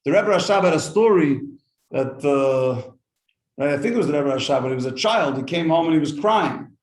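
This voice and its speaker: Animated high-voiced rabbi teaching a class. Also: male voice, normal speed, reverberant. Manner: animated storyteller, rhetorical questions, quotes Hebrew and Yiddish then translates. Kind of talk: lively Torah class to a live group.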